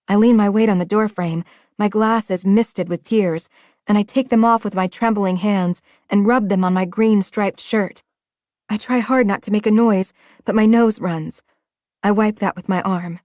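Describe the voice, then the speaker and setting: A woman narrating a first-person romance audiobook in an emotional, hushed manner. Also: medium pitch, dry recording, studio quality.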